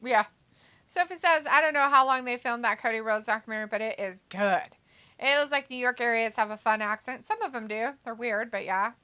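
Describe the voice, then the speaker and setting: A woman's voice: on the high side, a little fast, sharp tone, smooth. A woman co-hosting a casual livestream, reading chat messages aloud and laughing often. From United States. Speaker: co-host reading live chat.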